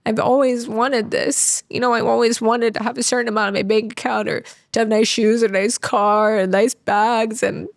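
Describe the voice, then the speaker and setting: Woman, 30s, podcast guest, heartfelt, near tears, flat even delivery, dry close mic. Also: fairly high pitch, moderate pace, creaky, few pauses, no room sound. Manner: earnest and heartfelt, many "like"s. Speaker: podcast guest, sales trainer. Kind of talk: candid interview talk.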